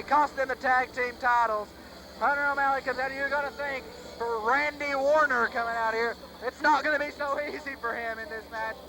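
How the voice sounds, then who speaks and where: A man calling a local wrestling match play-by-play with excited, hype-driven energy. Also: very high-pitched, rough recording. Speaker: play-by-play commentator. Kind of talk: wrestling commentary. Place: armory arena.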